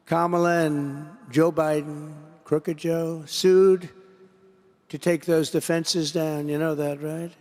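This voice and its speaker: A man's voice: on the high side, creaky. A man giving a rally-style political speech to an association, rambling and repeating himself, on a podium microphone in a large convention hall. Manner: rambling, repetitive, digressive. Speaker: political speaker addressing an association. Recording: long reverb of a large hall.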